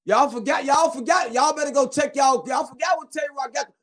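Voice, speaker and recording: High-voiced man ranting on a call. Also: fairly quick. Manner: preachy, emphatic, at times shouting. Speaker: caller. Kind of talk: heated call-in rant.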